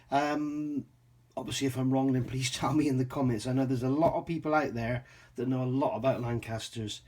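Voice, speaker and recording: A man's voice: mid-range voice, darkish tone. A man from England casually reviewing a scale model kit, chatty with frequent ums and self-corrections.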